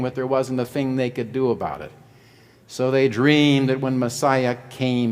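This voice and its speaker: Male lecturer, vivid dramatic narrator, average pitch, recorded in a large reverberant hall. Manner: vivid, dramatic narration with wide swings in loudness.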